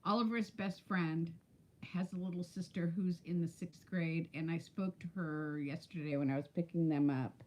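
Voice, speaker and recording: A woman's voice: on the low side, steady tone, moderate pace, darkish tone. A woman in her fifties chatting casually on a live stream, telling stories and greeting viewers by name. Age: 50s. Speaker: weight-loss vlogger.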